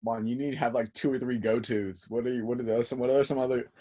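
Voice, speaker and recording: A man co-hosting a casual interview, excitable and quick to laugh. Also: mid-range voice. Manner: excitable, animated, laughs often.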